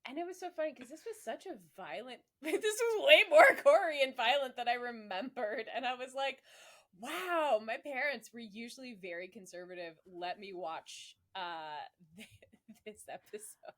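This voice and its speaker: A woman co-hosting a casual podcast chat, animated and laughing, often restarting her sentences. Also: a little high, moderate pace. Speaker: podcast co-host.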